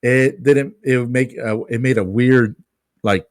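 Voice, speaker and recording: A man's voice: medium pitch, fairly even intonation, a little slow, clean tone, dry recording, studio quality. A man co-hosting a podcast, telling a self-mocking story about his work as a pest control technician.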